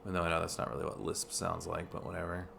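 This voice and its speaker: A man's voice: low-pitched, completely flat delivery, very fast, gravelly, a bit bright, a little hiss or hum. A man giving casual, chatty commentary while streaming a video game, thinking aloud with fillers and restarts. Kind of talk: casual let's-play commentary.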